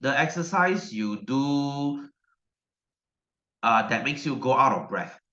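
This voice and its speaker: A man's voice: mid-range voice, lively intonation, takes it slowly, sharp tone. A male science teacher, giving a chatty online class lecture and repeating his questions to the class. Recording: dull, roomy echo.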